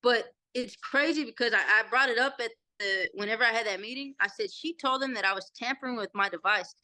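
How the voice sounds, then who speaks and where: A woman's voice: on the high side, fairly quick, dry recording. A woman in her thirties with a Texan accent, telling a story as an interview guest and acting out the dialogue she quotes. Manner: animated retelling with quoted dialogue. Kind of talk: casual storytelling.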